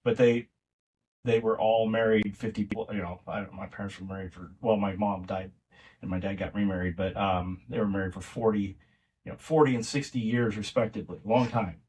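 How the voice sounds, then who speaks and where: A man's voice: fairly low pitch, steady tone, brisk, darkish tone, distant mic, slight background noise. Rambling middle-aged man telling stories. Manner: rambling, many restarts and fillers. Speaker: podcast guest. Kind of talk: casual conversational storytelling.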